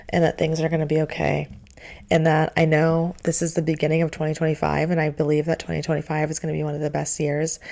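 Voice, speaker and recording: Gravelly-voiced young woman, earnest reassurance. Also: sits low, darkish tone. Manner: earnest, repetitive, faith-filled reassurance. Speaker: vlogger. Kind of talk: casual encouraging monologue.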